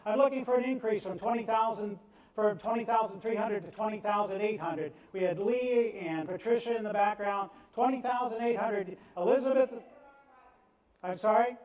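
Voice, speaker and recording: A man working as a charity auctioneer, calling bids in a fast rhythmic chant and coaxing bidders along. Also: sits high, a crowd in the background. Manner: rapid rhythmic bid chant, cajoling bidders. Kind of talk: live auction bid calling. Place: event venue on the Gulf coast. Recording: echoey room, voice from off-mic.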